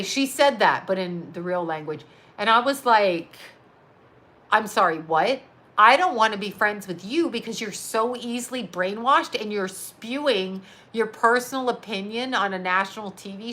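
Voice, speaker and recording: A woman's voice: fairly high pitch, sharp tone. A middle-aged woman hosting a live show, ranting heatedly and sarcastically and swearing freely. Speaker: psychic medium and live show host. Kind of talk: casual rant to a live audience.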